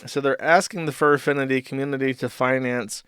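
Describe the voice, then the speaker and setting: A man's voice: mid-range voice, fairly even intonation, fairly quick, fairly bright tone, clean tone, no echo, clean studio sound. Sardonic man ranting on stream. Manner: mocking, rambling, swearing. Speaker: streamer host. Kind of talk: sarcastic commentary stream.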